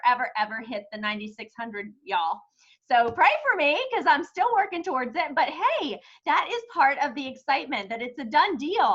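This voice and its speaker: A woman, energetic and faith-filled, leading a motivational team training call as sales leader. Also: sits high, lo-fi sound.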